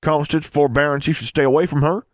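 A man's voice: fairly high pitch, fairly even intonation, quick pace, no room sound, studio quality, pitched above the performer's own voice, lightly acted. A man voicing a sneering, taunting schoolboy wizard bully.

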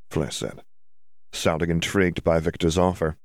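Low-voiced man narrating an audiobook. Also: moderate pace, no echo, clean studio sound.

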